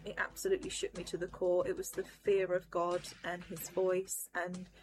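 A woman's voice: lowish voice, completely flat delivery, normal speed. A woman recounting a vision in an intense personal testimony.

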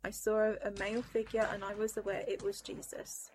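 A woman's voice: mid-range voice, little pitch movement, fairly quick, a little hiss or hum. A woman recounting a vision in an intense personal testimony.

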